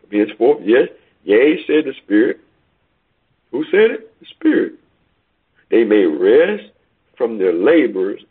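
A man preaching a sermon over a call, emphatic, swinging between loud peaks and quiet asides. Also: on the low side, creaky, slightly rough. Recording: tinny phone line.

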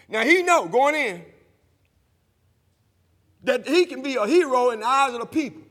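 A man preaching a sermon, using call-and-response and rising to shouts, in a church sanctuary. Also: very high-pitched, animated, moderate pace, pauses often. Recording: long hall reverb.

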